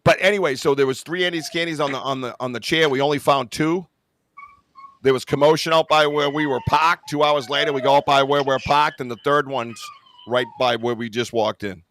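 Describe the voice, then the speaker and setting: A man hosting a podcast, chatting casually and joking loudly, swearing freely over a video call. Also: medium pitch, fairly even intonation, fairly quick. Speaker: podcast host. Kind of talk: casual chat.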